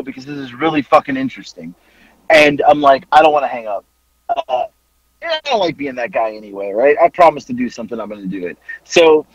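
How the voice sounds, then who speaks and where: A man's voice: on the high side, husky, no room sound, highs cut off. A man hosting a podcast, telling a story in a casual chat. He swears freely and keeps breaking into laughter. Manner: animated, profane, laughing through his story. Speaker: podcast host.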